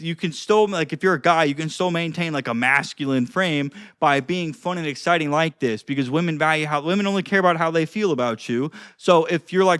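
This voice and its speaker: High-voiced young man giving casual advice. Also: a bit bright, clean tone, no echo, clean studio sound. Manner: rambling, frequent "like" and restarts, demonstrates tones. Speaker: social skills vlogger. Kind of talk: casual advice vlog to camera.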